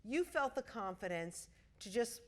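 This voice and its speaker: A woman's voice: fairly high pitch, expressive, a little slow. New lady asking questions on stage, playful and chatty, laughs a lot. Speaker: interviewer. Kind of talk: stage interview. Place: auditorium before a live audience.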